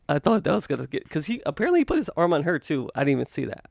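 A man with a slightly high, gravelly voice tells a story on a podcast, acting out everyone's lines with lots of swearing. The sound is dry and close, as if into a studio mic. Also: rapid-fire, no room sound. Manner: animated storytelling, acts out quotes, swears freely. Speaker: podcast host. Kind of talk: casual podcast chat.

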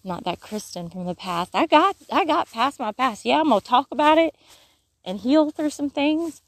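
A woman with a Mississippi accent talking casually about her faith outdoors in the countryside and reading scripture aloud in folksy, halting bursts. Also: high-pitched, expressive, no room sound. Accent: Mississippi Southern. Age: adult, has kids. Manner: folksy, talks in short restarted bursts. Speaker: vlogger.

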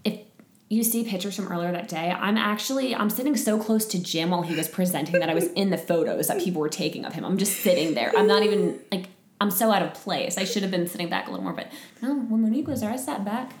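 Animated woman storyteller, echoey room. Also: medium pitch, fast talker. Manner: animated storyteller, laughs often. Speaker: podcast guest sharing a conference experience. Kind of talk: casual chat.

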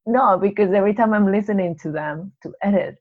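A woman co-hosting a casual podcast, bubbly and quick to laugh. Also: medium pitch. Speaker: podcast co-host. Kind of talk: casual chat. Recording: lo-fi, dull sound.

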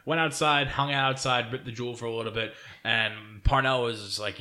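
A young man hosting a podcast who tells stories in an animated, profane way and acts out the people in them. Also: medium pitch, quick pace. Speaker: podcast host. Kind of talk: casual storytelling chat.

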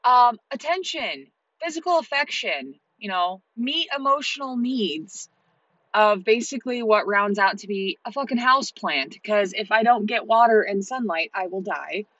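Blunt, swearing woman with a bright voice. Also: medium pitch, a little slow, dry recording, highs cut off. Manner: blunt, heavily profane, animated storytelling. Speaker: vlogger, single mother. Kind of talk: casual monologue to camera.

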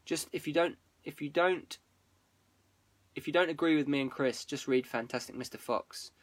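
At a moderate pace and in a slightly high voice, a live-stream host rambles casually to his audience, cursing freely and interrupting his own sentences. There's no room sound.

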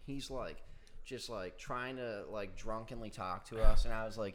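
A young man telling a story to friends in a casual, animated way. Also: mid-range voice, normal speed, crowd noise. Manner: animated, gets louder as he tells.

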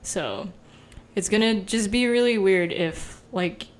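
Soft-spoken young woman co-host. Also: medium pitch, slow. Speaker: podcast co-host. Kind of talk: casual podcast chat.

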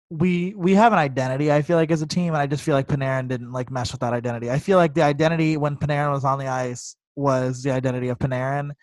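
Laid-back man with a slightly high voice. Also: no echo. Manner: laid-back, joking, hedging with "like" and "I feel like". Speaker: podcast co-host. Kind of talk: casual sports chat.

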